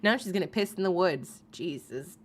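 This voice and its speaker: A woman's voice: mid-range voice, animated, measured pace. A woman hosting a casual commentary live stream, swearing freely, laughing often and reading viewers' comments aloud. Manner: profane, laughing, reads chat aloud.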